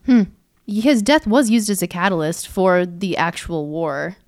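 A woman's voice: lowish voice, lively intonation, measured pace. A woman co-hosting a podcast who tells history in a playful, giggly way. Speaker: podcast co-host. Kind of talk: casual history chat.

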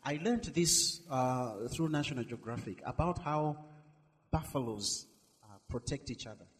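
A middle-aged male minister preaching a sermon, swinging between loud emphatic lines and soft drawn-out words. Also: mid-range voice, big-room sound, slight background noise.

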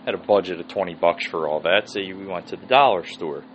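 A man rambles through a profane podcast story in a very low voice. A faint hum of background noise sits under his talk. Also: fairly quick, muffled recording. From Philadelphia area. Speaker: podcast host. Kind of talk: solo podcast monologue.

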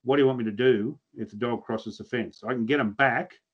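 A man's voice: mid-range voice, a little fast, slightly rough, dull audio. An Australian man chatting as a podcast guest, telling blunt, earthy stories with mild swearing. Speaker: podcast guest, pig hunter. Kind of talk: casual podcast chat.

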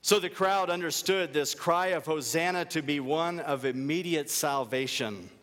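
Male pastor preaching an earnest, emphatic sermon; slightly high voice carrying a long reverb. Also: moderate pace, a bit bright. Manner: earnest, emphatic, repeating key phrases.

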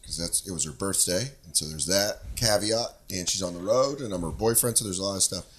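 Bright animated man telling stories. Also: sits low, brisk, breathy edge. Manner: animated, acts out voices, swears. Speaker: podcast host. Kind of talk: casual storytelling chat.

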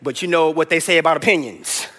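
A man's voice: a little high, fast talker, bright, forceful tone, voice pushed down. A man voicing a patient male teacher who answers with a dry joke, in an echoey hall.

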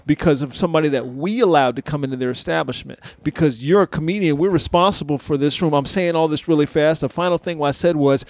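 A man's voice: fairly high pitch, fast talker, few pauses, no room sound. A man co-running a comedy show, chatting casually and acting out quotes with lots of laughter. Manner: animated storyteller, acts out quotes, laughs a lot. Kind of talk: casual podcast chat.

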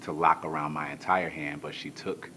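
Bright-voiced man preaching a comic story. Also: a bass voice, moderate pace, slight background noise. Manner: animated, swings from hushed to shouting; comic, colloquial asides to the crowd. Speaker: pastor. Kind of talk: storytelling sermon.

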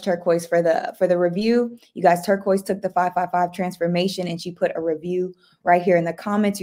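A woman hosting a casual motivational livestream, upbeat and excitable, often restarting and repeating herself. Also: fairly low pitch. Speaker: livestream host.

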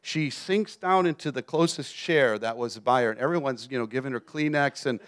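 A man preaching a sermon as an animated storyteller who keeps checking in with his listeners. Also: mid-range voice, moderate pace. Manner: animated storyteller, often asks the audience "you understand?".

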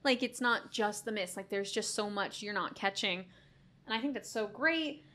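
A woman's voice: medium pitch, moderate pace. A woman co-hosting a casual podcast, chatting about a movie with frequent laughs and acted-out quotes. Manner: animated, laughs often, acts out quotes. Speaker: podcast co-host. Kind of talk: casual movie review chat.

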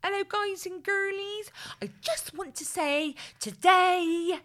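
A woman putting on a gushing woman who gives chirpy video affirmations, in a high breathy sing-song. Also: slow pace, a bit bright, full character voice.

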